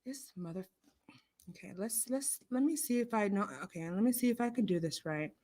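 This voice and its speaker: A woman hosting a casual livestream chat, animated and outspoken, quoting scripture and swinging between loud outrage and hushed apologies. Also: fairly high pitch, quick pace. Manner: religious, quotes scripture. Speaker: livestream host.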